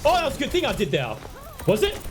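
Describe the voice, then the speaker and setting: Very high-voiced and fast, a young man delivers live gameplay commentary on stream. He's excitable, yelping and apologizing while he plays and talking to his viewers.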